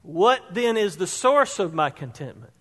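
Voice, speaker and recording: A pastor preaching a sermon, emphatic and fond of stacking repeated words for stress. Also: male voice, high-pitched, big pitch swings, measured pace, pushed and bright, long reverb tail.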